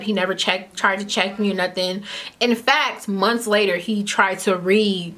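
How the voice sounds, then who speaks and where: A woman in her twenties telling a casual story-time tale at home, chatty and animated, filling her talk with "like" and "you know what I'm saying". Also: medium pitch, a little slow. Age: 20s. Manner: eats while talking at times.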